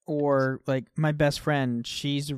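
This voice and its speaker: A fairly high, level voice belongs to a man co-hosting a podcast, speaking slowly in a clear, resonant tone. He chats casually about a game with frequent "like"s and soft trailing endings. The recording is dry and cleanly studio-made.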